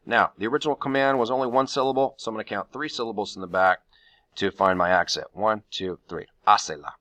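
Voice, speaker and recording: A man with a bright, forceful tone and a fairly low voice walks students through a Spanish grammar lesson. He explains patiently, step by step, and the recording is dry and close. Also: fast, no room sound. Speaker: Spanish teacher.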